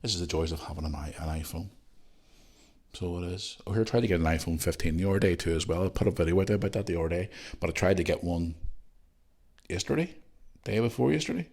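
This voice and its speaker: A man's voice: sits low, quick pace, a little mellow, slightly rough. A middle-aged man with a Northern Irish accent, hosting a podcast and chatting casually as he reads out listener messages, with jokey, rambling asides. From Northern Ireland. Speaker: podcast host.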